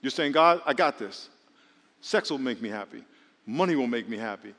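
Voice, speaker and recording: A man's voice: mid-range voice, moderate pace, big-room sound. A man preaching a sermon as pastor, joking and calling out questions to the congregation. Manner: lively, joking, calls on the congregation.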